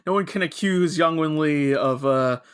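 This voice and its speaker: A man co-hosting a podcast, recapping plot in a dry, measured way during casual chat. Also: fairly high pitch, clean tone. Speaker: podcast co-host. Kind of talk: casual anime review chat.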